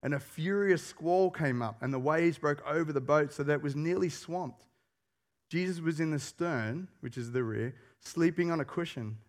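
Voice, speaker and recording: A man preaching with a somewhat raised pitch, telling a story with animation. He keeps putting questions to his listeners as he delivers the sermon. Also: moderate pace. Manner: animated storyteller who asks the congregation questions. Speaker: pastor.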